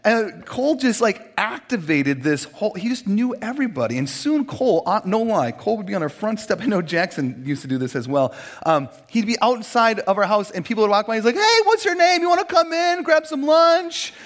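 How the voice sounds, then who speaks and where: A middle-aged man, preaching a sermon in a lively storytelling way and acting out the voices he quotes. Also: high voice, fairly quick, hardly any pauses. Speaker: pastor.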